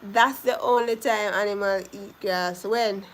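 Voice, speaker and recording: A young Jamaican woman with a Jamaican accent chats casually on a live stream, answering viewers' comments and laughing often. Her medium-pitched voice is steady and fairly bright, and she speaks a little slowly.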